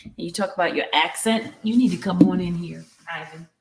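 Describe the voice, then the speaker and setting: A woman's voice: lowish voice, fairly quick, a little hiss or hum. Woman hosting a home livestream, chatty and teasing, talking into a headset mic in an echoey room. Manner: chatty, teasing, calls out to viewers. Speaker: live stream host. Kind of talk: casual live chat. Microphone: headphones with mic. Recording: roomy echo.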